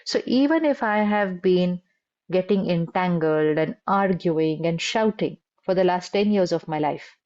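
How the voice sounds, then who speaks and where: Calm woman teaching, warm low voice. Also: unhurried, dull audio. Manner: repeats key phrases for emphasis. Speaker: spiritual teacher. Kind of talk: motivational spiritual talk.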